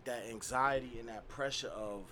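A man's voice: medium pitch, fairly even intonation, normal speed, sharp tone. A man co-hosting a podcast in casual chat, slangy and emphatic, who steers the talk with questions. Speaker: podcast co-host.

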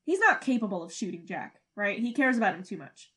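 A young woman co-hosting a podcast in casual chat, animated, laughing often and swearing freely. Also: medium pitch, brisk, husky. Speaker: podcast co-host.

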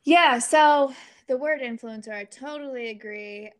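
A woman's voice: high voice, unhurried. A woman in her twenties from Oregon, a golfer and influencer, chatting casually and upbeat as an interview guest, laughing often.

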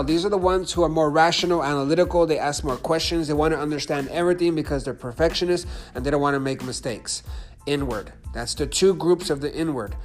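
A man with a fairly high voice gives an instructional talk on persuasion and sales. He repeats himself and often asks "okay?" or "right?" to keep listeners with him. Soft music plays faintly behind him. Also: fast. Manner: repetitive, checks in with "okay?" and "right?".

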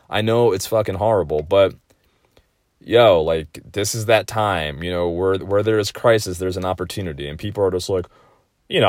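A man's voice: fairly low pitch, no echo, studio quality. A man in his thirties hosting a casual comedic monologue at home, rambling and profane, with wild swings in delivery. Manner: profane, rambling, wildly animated. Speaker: podcast host.

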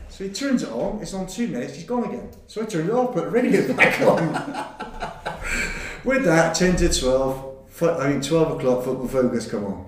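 Middle-aged man, animated storyteller who chuckles through his anecdotes, mid-range voice, echoey room. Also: mid-range voice, normal speed, crowd noise. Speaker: guest recounting football days. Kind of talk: anecdote-telling chat.

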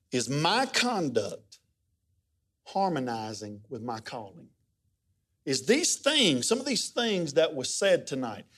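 Lively pastor preaching. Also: male voice. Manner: folksy, conversational storytelling with lively pitch swings. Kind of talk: sermon.

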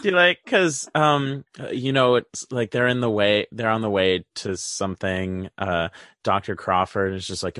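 A man's voice: fairly low pitch, unhurried, dry recording, clean studio sound. A man co-hosting a podcast in casual chat, retelling scenes and acting out the lines. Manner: animated storyteller who acts out quotes.

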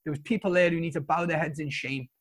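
A man with a Liverpool accent speaks in a fairly high register. He talks bluntly and swears freely as he tells his story. He sounds like a guest on a video-call podcast. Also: steady tone, fast. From Liverpool, England. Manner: blunt and sweary, emphatic praise. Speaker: guest, soldier.

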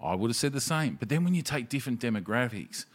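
A man hosting a casual chat, telling animated, sweary stories and acting out what people said. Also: medium pitch, fast talker. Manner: sweary, animated storyteller who acts out quotes.

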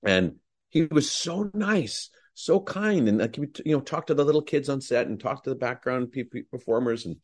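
A man's voice: medium pitch, lively intonation, normal speed. A middle-aged male actor, a guest, telling enthusiastic, rambling anecdotes full of fillers. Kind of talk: anecdotal storytelling.

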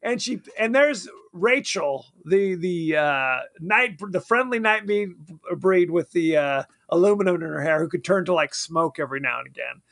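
A man's voice: high-pitched, animated, normal speed, vocal fry, hardly any pauses, a bit bright. A man co-hosting a podcast, recapping a horror film in a rambling, laughing way. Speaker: podcast co-host. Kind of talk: casual movie-recap chat.

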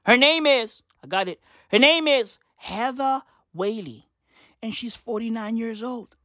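A woman delivering a comedic rant to camera, loud and profane, with shouted bursts and slang asides. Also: fairly high pitch, a little slow, no room sound, clean studio sound. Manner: heavy use of slang asides. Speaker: commentator.

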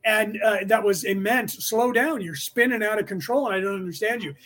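A middle-aged man from the San Francisco Bay Area who talks in a rapid, rambling rush as he hosts a casual spiritual lecture for his podcast. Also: high-pitched, a bit bright. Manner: rapid, rambling, restless delivery. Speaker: podcast host teaching a class.

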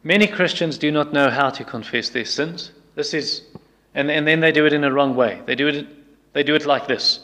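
A man's voice: fairly high pitch, moderate pace, sharp tone. A man preaching a sermon with emphatic repetition, acting out people's excuses in quoted voices. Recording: long reverb of a hall.

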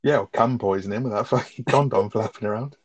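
A man's voice: fairly low pitch, fast, breathy edge, dull audio. A man co-hosting a film review podcast, amused and sweary, laughing often. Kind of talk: casual chat.

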